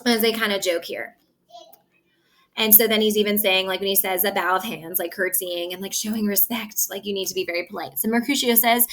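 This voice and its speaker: Bright-voiced woman explaining a play. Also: mid-range voice, quick pace. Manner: casual explaining with many fillers, reads the lines with more lift. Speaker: teacher. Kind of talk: reading a play aloud and explaining it.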